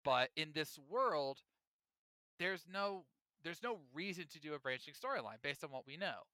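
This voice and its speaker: A man with a bright, crisp, fairly high voice chats animatedly as a podcast co-host. He talks in a loose, excited way, often restarting his sentences. The sound is dry and close on the mic. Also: moderate pace, dry recording. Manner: animated and chatty, with frequent restarts and laughter. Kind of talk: casual gaming podcast chat.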